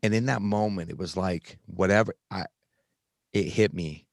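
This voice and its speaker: A man with a very deep voice tells a painful personal story in conversation. He speaks earnestly, stopping and restarting often. The recording is dry, with no room sound. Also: gravelly, no room sound. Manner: earnest, halting, many restarts and fillers. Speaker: guest sharing recovery story.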